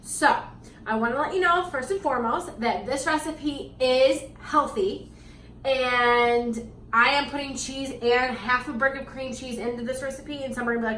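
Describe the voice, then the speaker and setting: A woman's voice: sits high, moderate pace, a bit bright, a little hiss or hum. A woman in her twenties chatting to her viewers as she walks them through a recipe in her home kitchen, upbeat and casual. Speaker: lifestyle vlogger. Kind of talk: casual cooking vlog.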